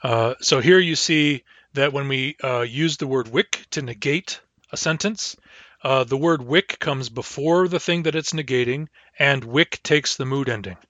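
Slow deliberate male language teacher. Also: medium pitch, a bit bright, dry recording, dull audio. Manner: slow, deliberate, repeats each word twice. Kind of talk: recorded language lesson.

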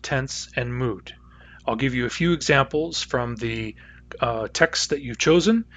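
Male language instructor, patient and methodical, mid-pitched voice, dull lo-fi recording. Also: a bit bright. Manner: patient, methodical, with many uh fillers. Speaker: language teacher. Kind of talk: lecture.

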